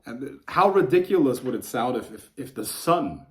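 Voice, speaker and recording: A man delivers an unscripted monologue to camera with a mid-range voice. He teaches the occult and rants in a profane, heated way that climbs into forceful outbursts. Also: medium pitch, very animated, normal speed.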